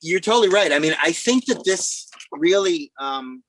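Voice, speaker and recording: A man, a musician guest, casually telling animated anecdotes and acting out the voices of people in them. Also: sits high, normal speed, no echo, low-quality recording. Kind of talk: casual storytelling chat.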